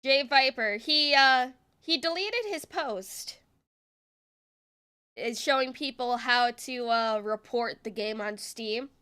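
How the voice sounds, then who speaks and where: Sarcastic woman streamer ranting, bright voice, pitched a bit high. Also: takes it slowly, clean tone. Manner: exasperated, sarcastic, swears freely. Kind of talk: reaction commentary.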